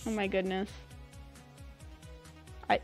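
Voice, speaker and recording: A woman's voice: medium pitch, flat delivery, slow pace, soft background music. A young woman streaming a game live, effusively and dramatically thanking her viewers with lots of exclamations.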